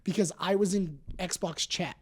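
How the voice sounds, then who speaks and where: A woman co-hosting a casual podcast, telling a story with lively energy and acting out the quotes. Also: a little slow, slightly rough. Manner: animated storyteller who acts out quotes with big jumps in pitch and volume. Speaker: podcast co-host.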